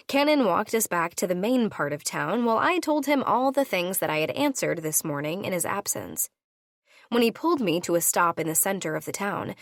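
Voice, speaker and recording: A woman narrating a first-person audiobook into a studio microphone, playful and expressive in her delivery. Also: mid-range voice, no echo.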